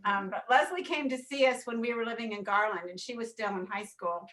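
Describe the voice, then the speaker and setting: A woman on a family video call telling a lively, funny story about her sister-in-law. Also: medium pitch, a little fast. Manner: animated storyteller. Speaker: relative.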